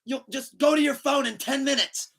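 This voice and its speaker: A man putting on a panicked young pop star, high strained shouts, frantic, bright tone. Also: normal speed, vocal fry, exaggerated voice. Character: panicked young male pop star waking in another man's body.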